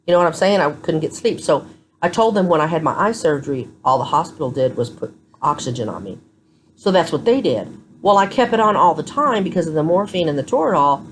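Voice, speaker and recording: A woman with a low voice chats to her phone camera from a hospital room. She sounds tired. She tells her story bluntly and candidly, like a vlogger keeping it real. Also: animated, a little fast, a little hiss or hum. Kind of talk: casual chat to camera.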